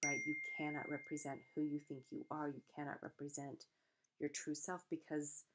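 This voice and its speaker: A woman giving a conversational literature lecture, often correcting herself and pausing with fillers. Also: low voice, level tone, heavy background noise. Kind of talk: recorded lecture.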